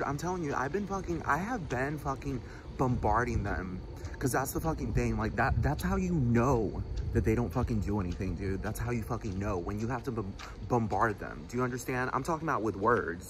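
A man in an angry, profane rant, rambling and restarting his sentences as he records outdoors. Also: medium pitch. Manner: ranting, heavy swearing, rambling restarts. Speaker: vlogger. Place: outdoors by a road with traffic. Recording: noisy outdoor traffic recording. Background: passing vehicles.

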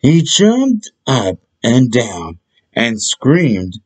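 A man reading a children's bedtime story aloud in an expressive, deliberate way. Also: mid-range voice, poor audio.

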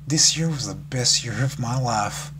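A shy, gentle pony mare speaks softly and apologetically, voiced by a man reading a story. She talks slowly, in a raised, tender register. Steady background noise runs under the recording. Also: medium pitch, lightly acted. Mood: sorrowful. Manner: soft, apologetic.

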